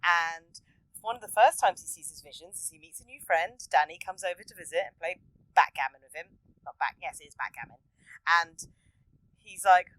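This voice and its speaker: A woman hosting a podcast, chatting casually and acting out characters' lines with excitement. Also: fairly quick, no echo, rough recording. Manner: animated, acts out characters' lines in a high excited voice. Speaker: podcast host. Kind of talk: casual podcast chat recapping an anime.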